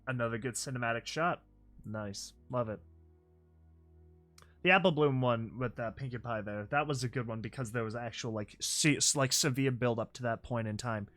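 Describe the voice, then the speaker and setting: A narrator reading a slideshow story aloud and reacting to it, excitable and yelling in disbelief with mild swearing. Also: medium pitch, normal speed, soft background music.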